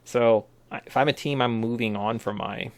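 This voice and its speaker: A man's voice: mid-range voice, fairly even intonation, normal speed. A man co-hosting a casual sports podcast, rambling through his points with frequent restarts. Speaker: podcast co-host.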